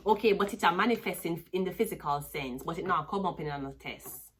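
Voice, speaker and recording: A woman's voice: lowish voice, quick pace, a bit bright, slight background noise. A woman with a Jamaican accent, a tarot reader talking to camera in a rambling, casual monologue full of restarts.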